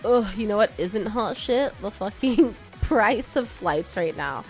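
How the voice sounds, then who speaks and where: A woman's voice: medium pitch, animated, a little slow, darkish tone, faint music behind. A young woman streamer with a slight Texan twang, chatting casually with her viewers while she works, self-deprecating and laughing often.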